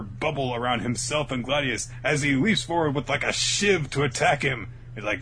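With a medium-pitched, brisk voice, the co-host energetically retells anime episodes in casual podcast chat, shouting out characters' lines as he acts them. Slight background noise is present.

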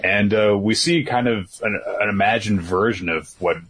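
A man with a very low, husky voice recaps comic chapters for a podcast. He keeps it laid-back and loose, with plenty of filler words and an easy chuckle. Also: normal speed, a bit bright. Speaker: podcast co-host. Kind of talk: casual manga chapter discussion.

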